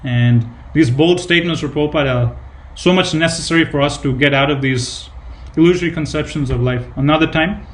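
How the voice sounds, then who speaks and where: A man's voice: a little high, fairly quick, hardly any pauses. A man giving a devotional scripture class, retelling anecdotes with emphatic repetition and casual fillers. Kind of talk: devotional sermon with retold anecdotes.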